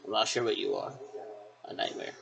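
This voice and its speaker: A man's voice: lowish voice, fairly even intonation, brisk, creaky, fairly bright tone, a little hiss or hum, poor audio. A man talking in a rambling, repetitive monologue that keeps circling back on itself with hesitant restarts.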